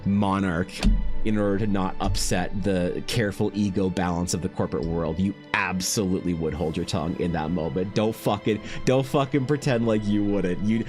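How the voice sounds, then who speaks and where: A man with a fairly low voice chats casually to his live-stream audience. His talk is loose and profane, full of restarts and asides. Soft music plays faintly underneath. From Canada. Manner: profane, rambling anecdote with frequent restarts. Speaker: artist streaming while drawing.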